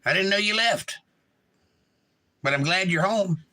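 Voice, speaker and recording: A man's voice: high-pitched, unhurried, bright, forceful tone. A man hosting a casual livestream, greeting chatters by name and reading their comments aloud. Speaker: livestream host. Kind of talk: casual chat reading out live chat, with singing to guitar.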